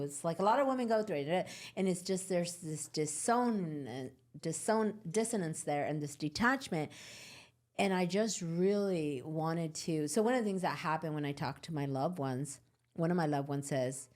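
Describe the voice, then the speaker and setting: A woman's voice: low-pitched, moderate pace, darkish tone. A woman hosting a podcast, talking in a reflective, earnest way and speaking straight to her listeners. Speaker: podcast host and course creator. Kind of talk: casual podcast conversation.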